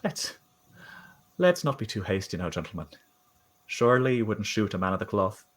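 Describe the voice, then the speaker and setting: Man as serene sinister clergyman, hushed persuasive sermonizing tone. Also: on the low side, animated, moderate pace, rough recording. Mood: soothing pious. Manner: soft, gently persuasive, preachy. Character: calm pious male priest, creepy sermonizing cult figure.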